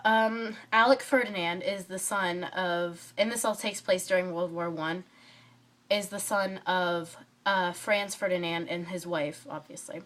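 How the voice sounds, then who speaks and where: A woman's voice: lowish voice, unhurried. A woman with a cold giving a chatty, rambling book review vlog, full of fillers and tangents. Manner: rambling and excitable, many fillers, drifts off topic. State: stuffy from a cold.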